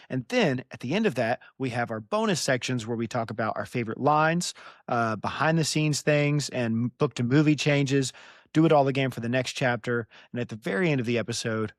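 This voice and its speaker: A man's voice: medium pitch, dry recording. Young American man, podcast host, casual recap, rambling, self-deprecating, dry close sound.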